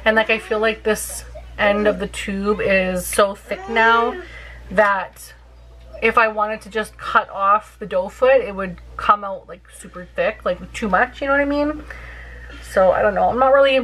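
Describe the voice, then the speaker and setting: A woman's voice: mid-range voice, measured pace, a bit bright, poor audio. A woman in her thirties chatting casually through a makeup tutorial, giggly and full of fillers. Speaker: beauty vlogger.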